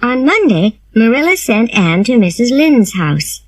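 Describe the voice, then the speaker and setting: A woman reading a simplified storybook aloud, slow, clear and expressive. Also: on the high side, no room sound. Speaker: narrator.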